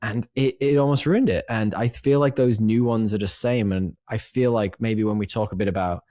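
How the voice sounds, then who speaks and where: A man's voice: lowish voice, steady tone, moderate pace, warm tone, dry recording, studio quality. A man co-hosting a podcast, chatting animatedly about films and laughing often. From northern England. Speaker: podcast co-host. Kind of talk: casual film chat.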